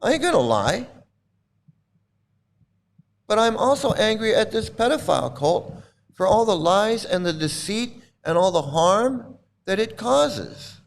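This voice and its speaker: A man's voice: high voice, very animated, unhurried, creaky, long pauses. A middle-aged man delivering a furious, repetitive monologue to camera, swearing and bitter. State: angry, voice breaking at times. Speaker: channel host, cult critic.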